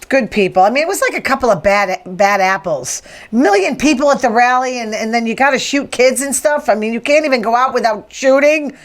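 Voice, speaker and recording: A woman, hosting a rambling, opinionated casual monologue. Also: medium pitch. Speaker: podcast host.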